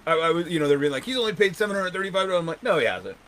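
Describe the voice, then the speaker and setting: Bright voiced guy shooting the breeze on a podcast, lively, kinda high. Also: very fast. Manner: laid-back banter, lots of "like" and "you know". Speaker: podcast co-host. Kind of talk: casual chat.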